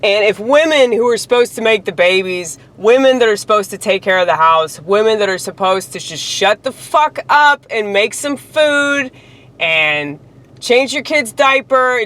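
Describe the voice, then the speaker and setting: A woman's voice: medium pitch, animated, moderate pace, a bit bright. A woman delivering a heated, profane, rambling monologue rant straight to the camera.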